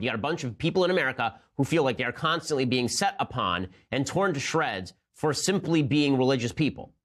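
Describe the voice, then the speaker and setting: A man's voice: mid-range voice, fairly bright tone. A man delivering a combative, sarcastic political monologue as host of the show. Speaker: political commentator. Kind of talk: fast opinion monologue.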